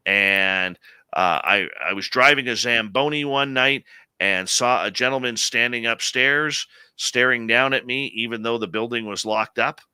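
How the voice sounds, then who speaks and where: A man in his late forties hosting a live radio show, telling a story in an animated, conversational way. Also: medium pitch, measured pace, smooth, dry recording. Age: late 40s.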